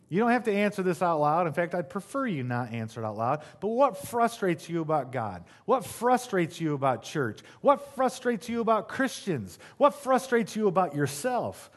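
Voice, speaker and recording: A male pastor preaching a sermon in a conversational, emphatic way, with asides to the congregation. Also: on the high side.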